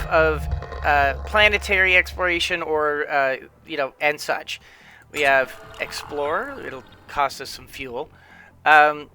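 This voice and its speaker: A man's voice: sits high, bright, forceful tone, clean tone, no room sound. A man casually explaining a space strategy game as he plays, tired late at night, rambling with lots of fillers and restarts. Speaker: gameplay commentator. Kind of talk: casual let's-play commentary.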